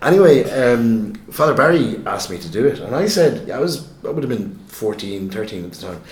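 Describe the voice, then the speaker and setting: A man's voice: mid-range voice, big pitch swings, moderate pace, a little mellow. A man telling a story in casual conversation, rambling and self-mocking, with many restarts. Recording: roomy echo.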